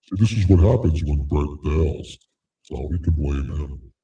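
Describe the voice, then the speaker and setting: A man hosting a livestream, joking casually through a deep pitch-down voice effect. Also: expressive, creaky, mellow, reverberant, recorded from a distance, heavily acted. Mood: goofy. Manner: joking, rapid. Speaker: livestream host. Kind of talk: casual chat.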